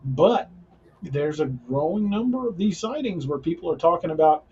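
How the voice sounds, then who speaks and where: A man's voice: fairly high pitch, animated, normal speed, darkish tone, muffled recording, slight background noise. A man hosting a casual paranormal podcast, talking earnestly and restarting his sentences often. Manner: rambling, frequent restarts, earnest. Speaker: podcast host.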